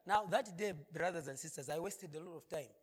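A man preaching a sermon, swinging between shouted points and hushed storytelling. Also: fairly high pitch, brisk, a crowd in the background. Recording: echoey hall reverb.

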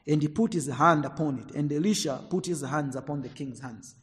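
A man preaching a sermon, swinging between loud emphatic lines and quiet asides. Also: on the high side, brisk. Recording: echoey hall, long reverb.

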